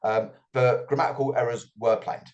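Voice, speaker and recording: A man's voice: mid-range voice, steady tone, moderate pace, a little mellow, highs cut off. A middle-aged man answering as an author guest in an interview, reflective and often repeating his words as he starts a thought.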